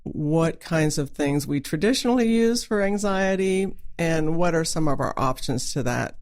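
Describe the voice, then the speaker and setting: A woman's voice: deep voice, lively intonation, normal speed, a little mellow. A woman hosting a podcast interview in a chatty way, with many ums and restarts. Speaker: podcast host, family nurse practitioner.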